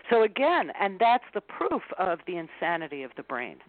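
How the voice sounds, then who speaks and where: A woman speaking as a guest coach in an interview, animated, acting out a panicked inner voice with big pitch jumps. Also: moderate pace, dry recording. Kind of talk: interview conversation. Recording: tinny phone-line sound.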